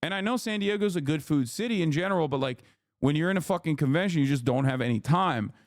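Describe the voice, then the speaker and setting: Streamer, male, casual and profane, animated storyteller, dry close room. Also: fairly high pitch, fast talker, dry recording. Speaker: livestream host. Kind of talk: casual chat.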